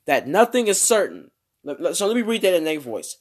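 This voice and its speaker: Male vlogger, casual movie commentary, animated swinging pitch, rambling and jokey. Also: fairly quick, husky. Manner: rambling, joking asides to himself.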